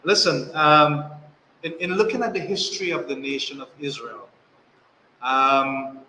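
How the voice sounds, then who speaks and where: A man with a bright, sharp voice asks drawn-out questions and pauses on fillers along the way. The echoey room around him has a faint hiss. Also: a little high, fairly even intonation. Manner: hesitant, uses fillers while asking questions. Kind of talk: interview questions.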